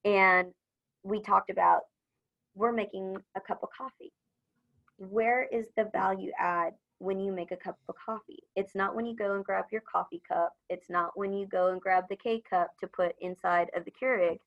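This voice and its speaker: A woman's voice: mid-range voice, fairly even intonation, moderate pace, creaky. Upbeat chatty woman, muffled audio. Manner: upbeat, chatty, acts out phone greetings. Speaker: supplier customer service leader. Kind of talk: business podcast interview.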